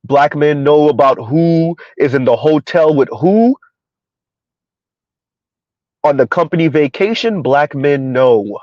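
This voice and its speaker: A man's voice: on the high side, slow pace, pauses often, no room sound, muffled recording. Man, opinion monologue, sarcastic rhetorical questions, dry close sound. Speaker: commentary channel host.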